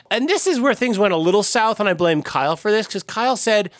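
A man's voice: high-pitched, fast talker, hardly any pauses, no echo. A man co-hosting a comedy podcast, telling an improvised story and dropping into mock voices when he quotes people. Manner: animated, slips into mock voices when quoting. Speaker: podcast co-host.

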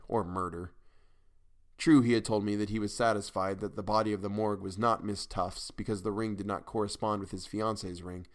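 A male narrator reading a weird tale in the first person. His voice sits low, and he tells the story with dramatic weight. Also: fairly bright tone. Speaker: audiobook narrator.

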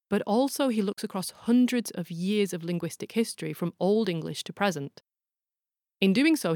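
A woman's voice: medium pitch, darkish tone, no room sound. Playful woman narrating a podcast, dry sound. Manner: playful, explanatory, demonstrates sounds aloud. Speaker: podcast host.

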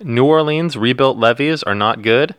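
A man's voice: medium pitch, normal speed, a bit bright, smooth, no room sound. A man co-hosting a podcast, reading news headlines aloud and adding wry, jokey asides in casual chat. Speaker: podcast co-host.

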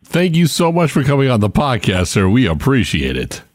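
A man's voice: medium pitch, wildly swooping pitch, normal speed, no room sound, studio quality. A man hosting a podcast, chatting casually with upbeat, appreciative interjections. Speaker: podcast host.

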